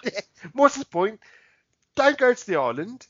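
A man's voice: very high-pitched, very animated, a little slow, dull audio. A British man co-hosting a podcast, rambling and laughing often, drunk, losing his words. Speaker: podcast co-host. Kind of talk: casual drunken banter.

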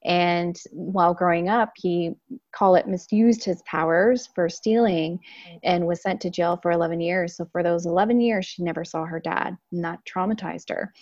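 A woman talking as an interview guest, telling stories in an animated way and acting out quoted lines. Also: lowish voice, normal speed, dry recording, muffled recording. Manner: animated storyteller, acts out quotes. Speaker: guest, Akashic Records consultant. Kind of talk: casual interview chat.

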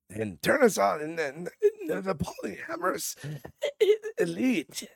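A man's voice: sits high, huge pitch swings, slow, creaky, dry recording, clean studio sound, pitched above the performer's own voice, full character voice. A man doing a mocking impression of an older politician who sounds like he is struggling to get his words out. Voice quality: strained, struggling to speak.

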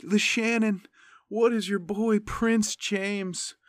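A man doing an impression of an indignant middle-aged male sports TV pundit, with theatrical, drawn-out exclamations. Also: high voice, fairly even intonation, no room sound, voice pushed up.

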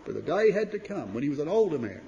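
A man preaching a sermon to brothers and sisters, reading scripture in King James wording and swinging from loud emphatic declamation to low, quiet asides. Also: big pitch swings, quick pace, creaky, muffled recording, slight background noise. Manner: addresses listeners as brothers and sisters.

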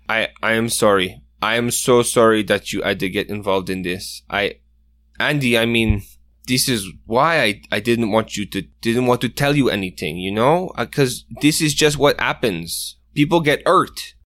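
A man voicing a remorseful, nervous male monster-hunter mentor in a tabletop game, speaking in halting apologies. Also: on the low side, fairly bright tone, natural voice. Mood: guilty, nervous. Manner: apologetic, halting, guilt-ridden.

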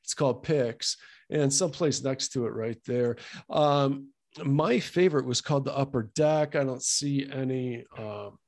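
A man co-hosting a casual chat, relaxed and rambling with lots of "um" and "like". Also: medium pitch, unhurried. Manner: relaxed, rambling, many fillers like "um" and "like". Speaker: podcast co-host.

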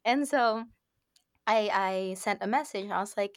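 A woman guest on a podcast, telling a personal story in a lively, casual way and acting out the back-and-forth as she goes. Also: mid-range voice, fairly quick, no room sound, studio quality. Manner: animated, quotes herself and others, frequent laughs.

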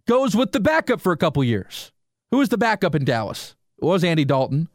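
A man with a high-sitting voice, recorded at studio quality with no echo. He's a sports radio host on a solo sports podcast, and he rants with animation and rhetorical questions while addressing listeners directly.

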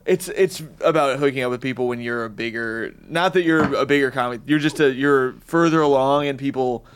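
A male comedian guest in casual chat, loose and laughing, thinking out loud with some swearing. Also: mid-range voice, fairly quick, a little hiss or hum.

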